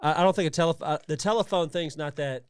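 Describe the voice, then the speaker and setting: A man's voice: fairly high pitch, fast talker, clean tone, dry recording, clean studio sound. A man co-hosting a podcast in casual chat, often hesitant as he talks. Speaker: podcast co-host.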